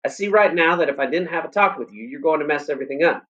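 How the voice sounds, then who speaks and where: A man's voice: fairly high pitch, quick pace, a bit bright, dull audio, pitched above the performer's own voice, natural voice. A man reading aloud as a country boy who earnestly coaxes his hound. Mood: coaxing. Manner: earnest, coaxing.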